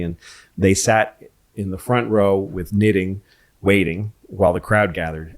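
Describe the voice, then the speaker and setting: A man co-hosting a podcast, telling a family anecdote in a casual, mocking way. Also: low-pitched. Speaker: podcast co-host. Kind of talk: casual chat.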